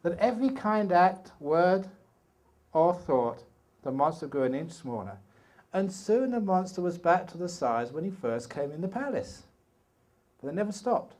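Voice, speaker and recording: A man in his sixties with a British accent, a meditation teacher telling a story in a slow, playful way with humorous asides during an evening dharma talk at a retreat. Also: a little high, darkish tone. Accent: British English. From England. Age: 60s. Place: retreat hall.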